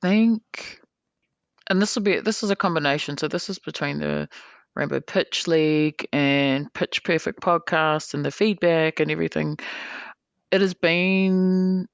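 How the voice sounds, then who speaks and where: As a podcast guest, a woman tells a long story in a deep, gravelly, fry-edged voice at a measured pace. She talks casually, swears freely and acts out the people she quotes in lively, animated bursts. The sound is dry and close, with no room echo and highs cut off.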